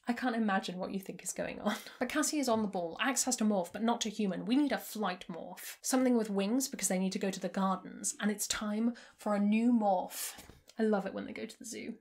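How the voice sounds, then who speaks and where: A woman hosting her own book channel, recapping a novel in a chatty, amused way. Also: on the high side. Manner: chatty, amused, laughs at the plot. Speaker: book review channel host. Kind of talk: casual book recap vlog.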